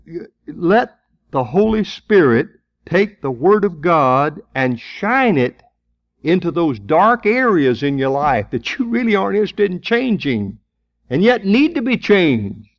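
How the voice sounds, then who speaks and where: A man preaching in a folksy, chatty way, his pitch swinging high and low as he asks question after question. The sound is dull and muffled, with a dry, close feel. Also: creaky, no room sound. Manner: folksy, chuckling, rhetorical questions. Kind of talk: sermon.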